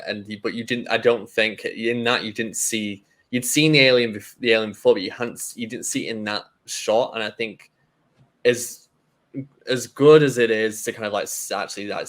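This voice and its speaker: A man's voice: on the low side, fairly bright tone. A man on a film podcast, chatting casually and rambling with many restarts. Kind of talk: casual chat.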